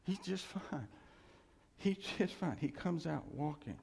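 A man preaching a sermon as a pastor, animated, acting out quotes and laughing often, in an echoey church hall. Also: on the high side, a little slow, gravelly, husky.

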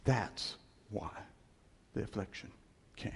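A male preacher with a fairly high, gravelly voice delivers an earnest, conversational sermon and keeps repeating phrases for emphasis. His words ring out with a long reverb, as if spoken in a large hall. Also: animated, measured pace, a little hiss or hum.

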